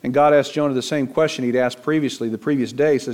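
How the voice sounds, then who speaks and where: A man's voice: medium pitch, a little fast, a little mellow. A middle-aged male pastor preaching a sermon, his voice climbing for emphasis.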